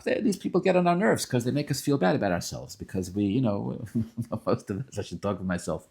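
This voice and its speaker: A man giving an informal Torah class, talking in animated, emphatic bursts with frequent restarts and Yiddish and Hebrew terms mixed in. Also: mid-range voice, a little fast, creaky. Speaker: rabbi teaching Tanya.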